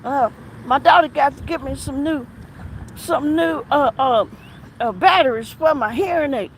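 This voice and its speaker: A woman's voice: high-pitched, a little slow, slight background noise, rough recording. A woman putting on a frantic elderly woman caller. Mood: frantic pleading. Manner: pleading, breathless, repeating herself.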